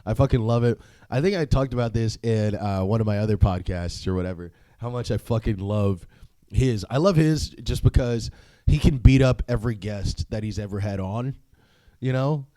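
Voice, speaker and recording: A man's voice: on the low side, moderate pace, warm tone, dry recording. A young man hosting a solo podcast, talking casually in a profane, rambling way, with frequent laughs and filler words. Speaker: podcast host.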